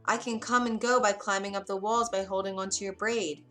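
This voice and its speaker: A woman voicing a gentle young prince in a storybook reading, earnest and reassuring. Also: mid-range voice, fairly even intonation, a little fast, soft background music, close to an everyday voice. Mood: kind. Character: gentle young male prince, curious and kind.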